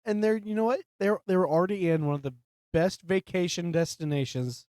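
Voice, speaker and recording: A man's voice: sits high, a little fast, a little mellow, no echo. A man co-hosting a movie podcast, joking and laughing a lot as he chats about the plot. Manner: laughs often, playful quips. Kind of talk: casual film recap chat.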